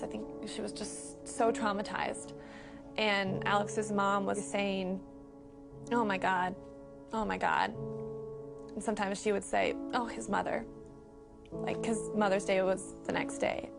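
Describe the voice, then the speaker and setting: Gravelly-voiced young woman. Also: medium pitch, moderate pace, music in the background. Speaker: interviewee, friend. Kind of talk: documentary interview.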